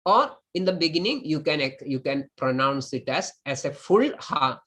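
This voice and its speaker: A man teaching a lesson on splitting and pronouncing Sanskrit verses, patient and repeating each word slowly for learners. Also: on the high side, animated, bright, forceful tone. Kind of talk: slow step-by-step lesson.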